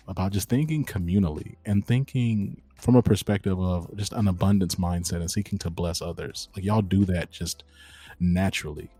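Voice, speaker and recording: A young man hosting a podcast, talking in a lively casual way and calling his listeners y'all. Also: low-pitched, husky, no echo. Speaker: host.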